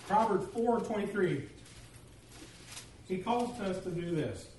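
High-voiced pastor in an echoey room. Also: male voice, a little slow. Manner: storytelling, humorous, animated. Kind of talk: sermon. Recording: echoey room, distant mic, faint noise.

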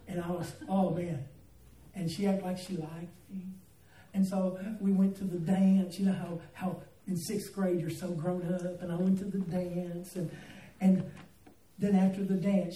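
Preacher guy, high voice, folksy jokey storytelling, picked up from a distance. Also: dark tone, a little hiss or hum. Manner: folksy storytelling with jokes and congregation asides. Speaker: pastor. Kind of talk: sermon. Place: church sanctuary. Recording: echoey hall, mic from a distance.

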